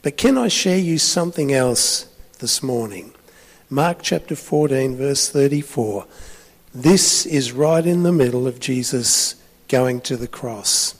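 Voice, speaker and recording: A man's voice: medium pitch, animated, measured pace, in a large hall. A man preaching a sermon, telling a story in a chatty way with frequent restarts.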